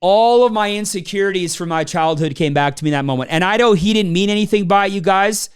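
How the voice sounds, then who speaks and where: A man's voice: sits high, quick pace, clean tone. A man giving a motivational business talk to a live audience, telling personal stories and acting out the people in them. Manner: storytelling, acts out quoted people. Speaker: business trainer.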